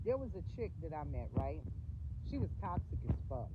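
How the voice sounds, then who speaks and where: A woman hosting a live stream, telling a story to her chat in a blunt, profane, animated way. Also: deep voice, normal speed, phone-quality sound. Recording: steady background noise with passing vehicles.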